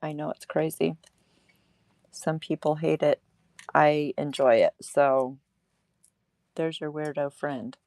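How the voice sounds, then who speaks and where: A woman's voice: low-pitched, steady tone, takes it slowly, pauses often, darkish tone, dry recording. A woman hosting a casual livestream craft demo at her table, chatty and laughing at herself.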